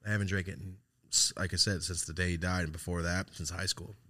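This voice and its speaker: A man's voice: sits low, steady tone, fast talker, pushed and bright. A man hosting a podcast, telling a personal story in a loose, profane, reflective way, with many fillers and restarts. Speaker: podcast host. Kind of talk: casual storytelling chat.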